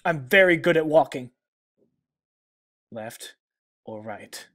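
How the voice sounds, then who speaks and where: A man's voice: a little high, expressive, slow pace, a bit bright. A man hosting a let's play, reacting to the game with sarcastic jokes and the odd curse. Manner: sarcastic, joking, swearing. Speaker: gaming channel host.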